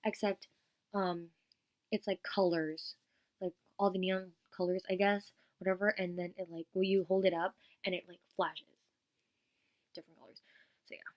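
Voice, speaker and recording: A woman's voice: on the low side, little pitch movement, moderate pace, no echo. A teenage girl vlogging about a concert in a gushing, rambling way, full of "like" fillers, sometimes dropping to a whisper. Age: teens. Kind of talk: casual vlog chat.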